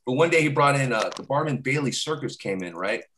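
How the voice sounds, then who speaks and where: Amid crowd noise, a man who's a comedian guest spins rambling, casual stories, laughing along and tagging nearly everything with "right?" His voice is medium-pitched, animated, and brisk.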